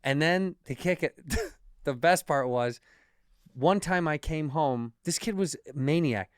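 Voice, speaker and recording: A male podcast co-host in casual comedic chat, tossing in quick profane wisecracks and telling his own stories. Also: fairly high pitch, clear, resonant tone, no echo, studio quality.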